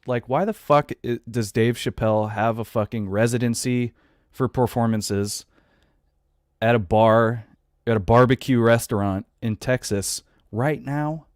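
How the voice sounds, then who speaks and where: A man's voice: mid-range voice, a little slow, dry recording, studio quality. A man in his thirties hosting a podcast, ranting in a casual, exasperated, profane way. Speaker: podcast host.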